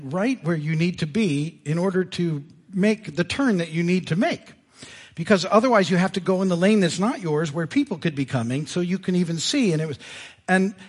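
Animated husky-voiced male pastor. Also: high voice. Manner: conversational, animated, laughs at himself. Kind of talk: sermon. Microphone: live sermon mic. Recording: church service audio.

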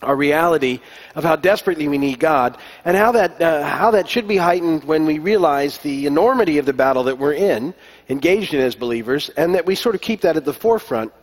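A man preaching a sermon as pastor, telling stories in a relaxed way with many fillers and restarts. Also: fairly high pitch, brisk. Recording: long echo of a large hall.

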